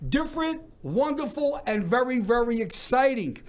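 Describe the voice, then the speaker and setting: A man's voice: extremely high pitch, sing-song, normal speed. An older man hosting a variety show, delivering an effusive showman's monologue and repeating words for emphasis.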